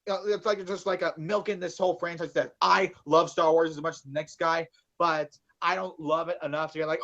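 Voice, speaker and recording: Rambling high-voiced man, lo-fi podcast. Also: steady tone, brisk, creaky, few pauses, a bit bright. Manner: rambling, lots of fillers and swearing. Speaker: podcast co-host. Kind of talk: casual podcast chat.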